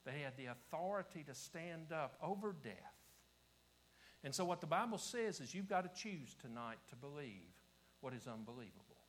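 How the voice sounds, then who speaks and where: A man with an Appalachian accent preaching a revival sermon to a church congregation, swinging from shouting to hushed whispers and repeating his phrases. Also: fairly high pitch, sing-song, moderate pace, rough recording. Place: church service before a congregation.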